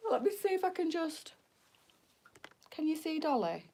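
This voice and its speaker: A woman's voice: very high voice, very animated, slow pace, a little mellow. British lady rambling on a shop livestream, goes off on tangents, bit far from the mic. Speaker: boutique live-stream host. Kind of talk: casual live-stream chat.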